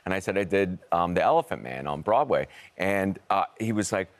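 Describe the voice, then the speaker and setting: An American man, a guest actor, chatting animatedly and self-deprecatingly in an interview. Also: low voice. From United States. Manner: animated storyteller, self-deprecating, quick laughs. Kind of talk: casual interview chat.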